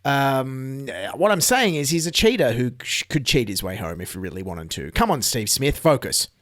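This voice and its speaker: An Australian man hosts a comedy news show, his pitch swinging widely as he jokes and mocks. The sound is dry and close, with no room around it. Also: very animated, normal speed, fairly bright tone, dry recording. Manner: sarcastic, mocking asides. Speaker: podcast host.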